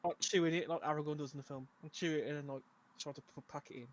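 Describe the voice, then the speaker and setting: A man playing a tabletop game, talking through his dice rolls in a halting way. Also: on the high side, fairly even intonation, noisy background. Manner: halting, filler-heavy. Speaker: player. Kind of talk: casual tabletop play.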